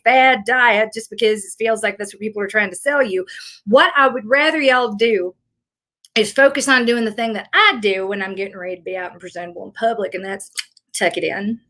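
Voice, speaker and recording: This self-deprecating, Southern-accented woman from rural Tennessee, middle-aged, coaches fitness in a live Q&A, chatting and rambling a bit. Her voice is on the high side and a bit bright.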